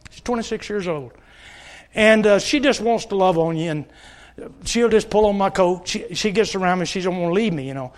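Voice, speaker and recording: A man's voice: high voice, a little fast. A middle-aged man preaching a sermon at a church service, telling stories and pleading earnestly with the congregation. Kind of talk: sermon with altar call.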